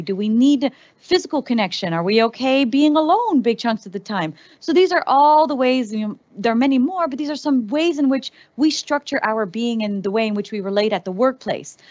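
A woman's voice: fairly high pitch, no echo, highs cut off. A woman with an American accent giving a workshop talk to a live audience, speaking conversationally and addressing the listeners directly.

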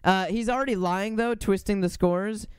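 A man's voice: high voice, normal speed, clear, resonant tone, dry recording, studio quality. A man streaming casually while reacting to a video, loose and self-mocking with frequent swearing.

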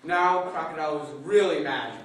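A man telling a folk tale live to an audience in a playful, animated way, adding sound effects. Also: on the high side, normal speed. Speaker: storyteller. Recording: echoey room from far off, faint noise.

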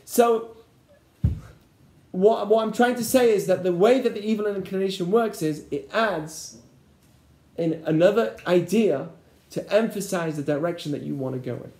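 A man's voice: high voice, moderate pace, a little mellow. A man, a rabbi, teaching an interactive lesson and often checking in with his listeners. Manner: keeps checking in with the class. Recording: echoey room.

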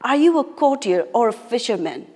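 A woman's voice: fairly high pitch, very animated, normal speed, dark tone, husky, in a large hall. A woman teacher reading the lines of a short-tempered king in a storybook, commanding and then apologetic. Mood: stern.

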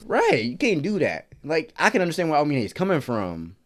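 A man's voice: a little high, huge pitch swings, brisk, soft background music. A man hosting an anime reaction video, talking in casual, slangy commentary, exclaiming and laughing often.

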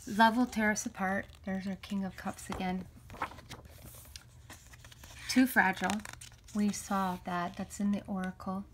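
A woman's voice: mid-range voice, steady tone, unhurried, long pauses, background noise. A woman chatting enthusiastically as she shows and talks through a series of art prints, often trailing off and restarting. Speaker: tarot vlogger. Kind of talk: casual show-and-tell.

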